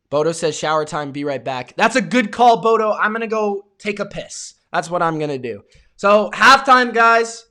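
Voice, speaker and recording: A young American man hosting a live reaction stream of a football game, calling plays and yelling at big moments while talking to his chat. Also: high-pitched, normal speed. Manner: excitable, yells at big plays, talks to chat viewers.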